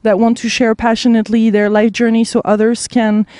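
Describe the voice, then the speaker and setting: A woman's voice: a little high, little pitch movement, a little fast, warm tone, no echo, studio quality. A woman hosting an interview in a bubbly, effusive manner. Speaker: host.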